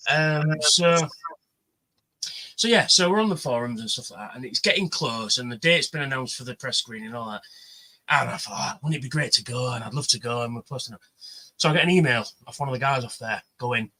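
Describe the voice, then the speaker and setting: Husky, forceful man. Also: mid-range voice, fairly quick, low-quality recording. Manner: animated, swears freely, acts out quoted voices. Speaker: livestream panelist. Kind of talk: casual chat, storytelling.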